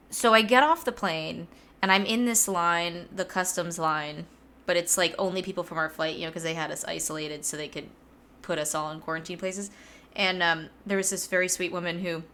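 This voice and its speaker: A woman's voice: mid-range voice, bright, forceful tone. A woman chatting casually on a livestream, telling stories and laughing often. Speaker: streamer co-host.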